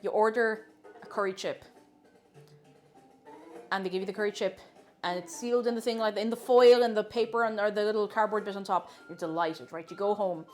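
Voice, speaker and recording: A woman's voice: medium pitch, brisk, long pauses, darkish tone, faint music behind. A young Irish woman streaming herself cooking, chatting casually and playfully with viewers, joking at her own expense and laughing often. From Ireland.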